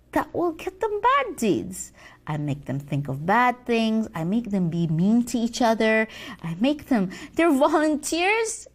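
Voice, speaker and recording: A woman playing a gloating, scornful devil boss. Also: fairly high pitch. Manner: gloating, scornful, theatrical whispers. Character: boastful scheming devil boss, mocking and bossy. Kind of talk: comedy sketch acting.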